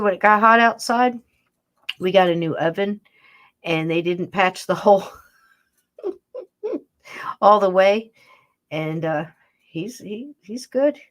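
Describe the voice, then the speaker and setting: A woman's voice: mid-range voice, no echo, studio quality. A woman hosting a podcast, chatting casually in a rambling, affectionate way and laughing often. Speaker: podcast host. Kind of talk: casual chat, talking to her pets on camera.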